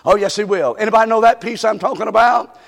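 A man preaching a sermon, fervent and repetitive, calling out to the congregation and often shouting. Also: high-pitched, fast, vocal fry. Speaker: pastor. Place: church sanctuary. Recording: long reverb of a church hall.

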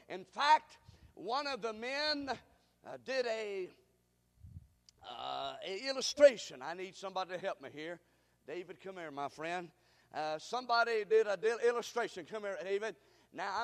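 A man preaching a sermon, emphatic, drawing the congregation into call-and-response and rising to shouts. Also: high voice. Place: church sanctuary. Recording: reverberant hall.

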